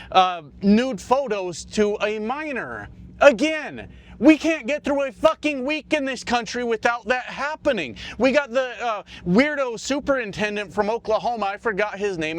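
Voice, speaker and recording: High-voiced, profane trucker ranting. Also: male voice. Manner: profane, heated, rambling. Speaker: trucker political commentator. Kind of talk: ranting political vlog.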